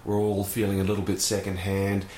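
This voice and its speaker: A man hosting a podcast from his living room, jokey and relaxed. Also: sits low, fairly quick, echoey room, slight background noise. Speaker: podcast host. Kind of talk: casual chat.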